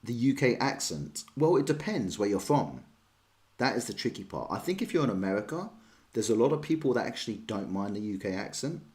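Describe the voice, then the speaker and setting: A man's voice: medium pitch, big pitch swings, brisk, a little mellow. An English man streaming chess, chatting casually and rambling as he answers viewers' questions. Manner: chatty, rambling, self-deprecating.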